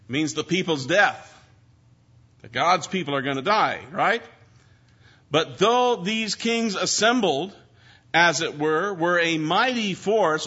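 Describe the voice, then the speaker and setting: A male preacher with a fairly high, bright and forceful voice, explaining scripture through rhetorical questions and emphatic repetition. The recording sounds dull and lo-fi, like an old church tape. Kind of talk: sermon.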